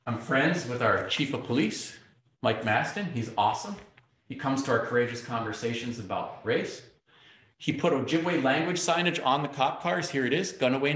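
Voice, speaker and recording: A middle-aged man giving a public talk, telling stories and acting out the exchanges in them. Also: mid-range voice. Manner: animated, acts out quoted exchanges. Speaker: speaker. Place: lecture hall. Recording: very echoey hall.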